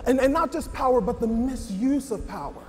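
A man's voice: very high-pitched, expressive, fairly quick, a little mellow, in a large hall. A man acting a stern lecturer in a church skit, preachy and scolding, with a sarcastic edge. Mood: lecturing.

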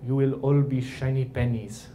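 A man's voice: mid-range voice, steady tone, moderate pace, mellow, a little hiss or hum, lightly acted. A man putting on an elderly nun with a foreign accent. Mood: solemn. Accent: put-on Indian or Albanian. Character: elderly nun superior, stern and earnest.

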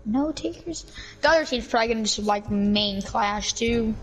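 A woman gaming YouTuber in casual gameplay banter, jokey, excitable and rambling. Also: fairly high pitch, moderate pace, soft background music, rough recording.

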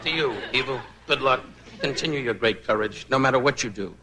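A man doing an insult comedy roast with needling, mock-insulting jabs and sudden loud asides, recorded as an archival clip in a large banquet hall. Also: medium pitch, brisk, heavy background noise. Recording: archival clip with roomy echo, loud laughter.

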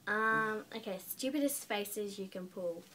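A woman's voice: medium pitch, unhurried, pushed and bright, slight background noise. An Australian woman hosting a casual vlog chat with her brother, teasing and giggly in a blunt way. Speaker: vlogger host.

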